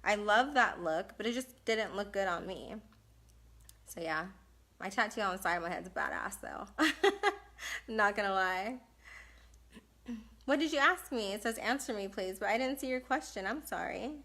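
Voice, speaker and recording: A woman's voice: mid-range voice, animated, normal speed, pauses often, a bit bright. A woman in her thirties from California, chatting bluntly and casually while answering viewer questions live, laughing often. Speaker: live-stream host doing Q&A.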